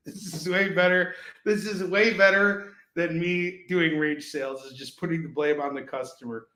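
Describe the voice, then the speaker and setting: In an echoey room, a man runs a live comic-book sale, chatting casually with viewers and joking sarcastically. His voice sits on the high side, pushed and bright, with fairly even intonation and an unhurried pace.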